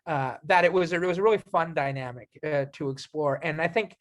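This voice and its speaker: A young Canadian actor is being interviewed and talks casually and animatedly, full of restarts and fillers. His voice is fairly high-pitched and fairly quick.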